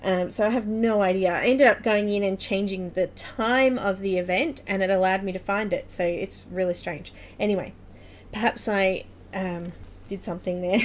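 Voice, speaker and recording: A woman's voice: mid-range voice, a little slow, a little hiss or hum. A woman hosting a live coloring tutorial stream, chatting casually, laughing often and greeting viewers by name. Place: home room with air conditioner running.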